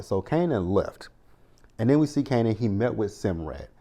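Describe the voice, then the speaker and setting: A man's voice: fairly low pitch, sing-song, moderate pace, mellow. A man giving a chatty, rambling recap of a TV episode, full of asides. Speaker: TV show recap vlogger. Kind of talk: casual recap commentary.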